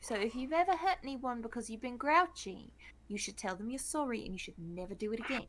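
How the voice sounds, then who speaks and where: Woman, tabletop player in character, slightly high voice, motherly, firm, teasing. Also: expressive, a little fast, fairly bright tone, slight background noise. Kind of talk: in-character tabletop role-play.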